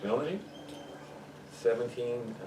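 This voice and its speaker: A man's voice: mid-range voice, slow. Man, Bible study teacher, conversational, questions the group, noisy recording. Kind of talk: leading a church Bible study. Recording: echoey room, mic far off, noisy.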